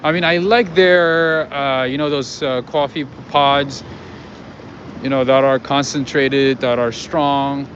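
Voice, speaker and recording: A man's voice: mid-range voice, steady tone, slow pace. Chatty man walking a city street. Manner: chatty, rambling, with many fillers and asides to viewers. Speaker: livestream host. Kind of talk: casual walking commentary to viewers. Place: outdoors on city streets at night. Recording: muffled with loud street noise.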